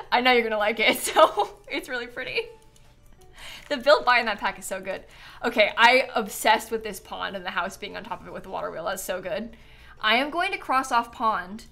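A woman's voice: fairly high pitch, expressive, normal speed, fairly bright tone, soft background music. A woman chatting casually to viewers on a live game stream, bubbly and giggly, a bit tired and yawning.

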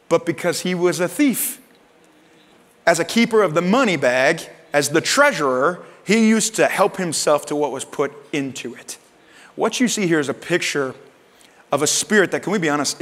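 Guy pastor preaching, casual chatty delivery, kinda high voice, lots of hall reverb. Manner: conversational, acts out quoted lines in lively voices. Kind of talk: sermon. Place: church sanctuary. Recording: long reverb of a church hall.

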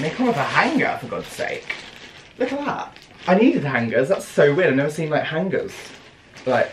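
A young man with a British accent, excitedly unboxing a clothing haul and exclaiming, gasping and laughing often. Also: medium pitch. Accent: British English. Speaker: fashion vlogger. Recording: echoey room with clear background noise.

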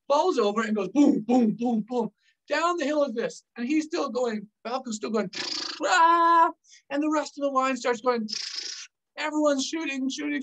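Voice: high voice, distant mic, poor audio. A former army officer telling a war story on a vlog, acting out the scenes with gestures. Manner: animated, acts scenes out with gestures.

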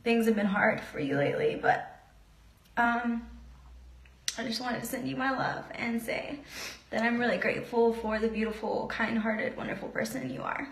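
A young woman recording a heartfelt video message, speaking slowly and haltingly, her eyes teary and close to crying. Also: fairly high pitch, echoey room, low-quality recording. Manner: slow, halting, tearful. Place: cold home room.

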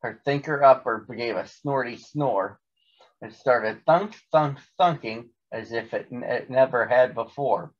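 A man voicing a young male cat, the big brother who narrates a rhyming storybook in a steady reading voice. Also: medium pitch, measured pace, highs cut off, natural voice. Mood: calm.

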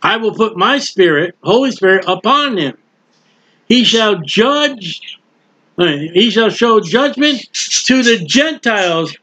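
A man preaching a sermon in a folksy, emphatic way, drawling key words slowly and acting out the people he quotes. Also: sits high, sing-song, bright, forceful tone. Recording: dull lo-fi sound.

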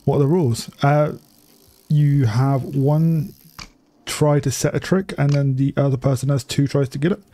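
Here a young male streamer with a dark, mid-range voice speaks at a normal speed. He provides casual live-stream commentary on a bike game, staying chatty, swearing freely and breaking into frequent laughter.

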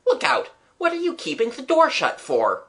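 A reader voicing a brave schoolboy who puts on a loud, hearty cheer in a storybook reading. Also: mid-range voice, big pitch swings, moderate pace, voice pushed up.

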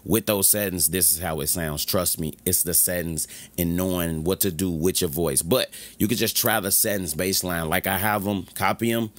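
Young male streamer, low voice, dry close mic, casual slangy tutorial delivery. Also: moderate pace, few pauses, dry recording. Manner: slangy, laid-back, repeats "you know what I'm saying". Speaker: streamer explaining mic settings. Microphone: studio dynamic mic, close.

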